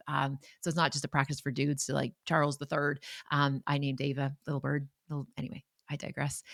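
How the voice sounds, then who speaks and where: A woman's voice: low-pitched, no room sound, studio quality. A woman in her forties hosting a podcast on her own, talking in a chatty, enthusiastic way and wandering off into asides. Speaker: podcast host. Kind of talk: casual solo podcast talk.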